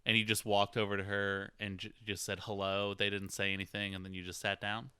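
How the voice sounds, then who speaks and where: A man's voice: fairly low pitch, monotone, pushed and bright, clean tone, no room sound, clean studio sound. A man co-hosting a podcast, cutting in with teasing questions in casual comedic banter. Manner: teasing, quick interjecting questions. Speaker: podcast co-host.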